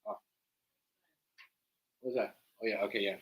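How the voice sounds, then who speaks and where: This livestream host, a man with a Jamaican accent, speaks a little slowly in a lowish voice with fairly even intonation. Even so, his casual reaction commentary is slangy and emphatic, circling back repeatedly to "you know what I mean".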